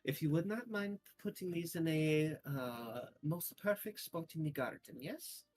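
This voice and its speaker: Man putting on a soft, lilting lady of the estate. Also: a little high, a little slow, soft background music, voice pushed up. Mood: gracious.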